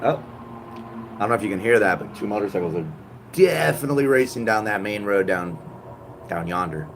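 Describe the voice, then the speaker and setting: A man in his thirties from Puerto Rico, chatting and joking with viewers on a live stream, jumping from loud outbursts to low mutters. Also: expressive, a little fast, noisy background. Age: 30s. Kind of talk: casual live-stream chat.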